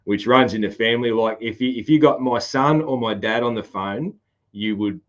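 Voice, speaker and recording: A man's voice: mid-range voice, moderate pace, dull audio. A man with a broad rural Australian accent hosting a casual podcast chat, rambling with lots of fillers and restarts. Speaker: podcast host.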